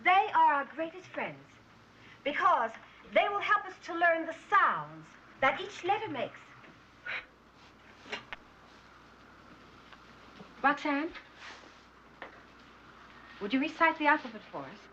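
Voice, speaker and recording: An actress playing a firm, devoted schoolteacher who patiently encourages struggling children. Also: female voice, high-pitched, big pitch swings, unhurried, pauses often, sharp tone, slight background noise, heavily acted. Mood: instructive. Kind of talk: film drama acting. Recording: slightly dull film soundtrack.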